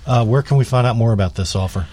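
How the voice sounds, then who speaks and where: A man's voice: medium pitch, fast talker, darkish tone. A man hosting a radio talk show, easygoing and brief as he steers the chat. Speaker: radio host.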